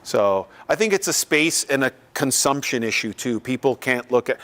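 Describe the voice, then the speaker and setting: A man's voice: medium pitch, brisk, hardly any pauses, a bit bright, clear, resonant tone. A man from Canada, giving a casual, conversational lecture and taking questions in a lecture room. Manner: conversational, loose, acts out others' voices. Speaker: visiting artist giving a lecture.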